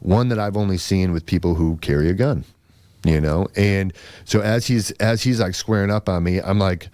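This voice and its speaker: Deep-voiced man telling a rambling story. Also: normal speed, darkish tone, dry recording. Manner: rambling, lots of fillers and restarts. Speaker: podcast host. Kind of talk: casual storytelling.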